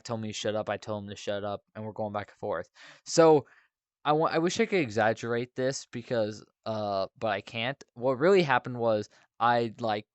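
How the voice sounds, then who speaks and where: A man hosting a casual podcast, telling stories in a relaxed way with lots of fillers. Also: mid-range voice, clean tone, no room sound. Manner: laid-back storytelling with frequent fillers. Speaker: podcast host. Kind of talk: casual chat, telling anecdotes.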